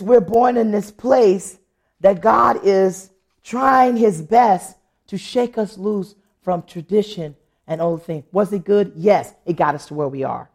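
Speaking at a medium pitch, a woman gives a humorous personal testimony in church, telling her stories animatedly and laughing often.

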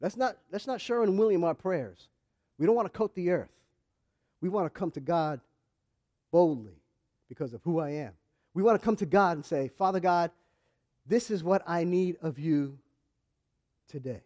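Guy preaching a sermon, really high voice, gets loud and fired up talking to the crowd. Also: animated, moderate pace, pauses often. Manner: impassioned, rising to shouts, speaking straight to the congregation.

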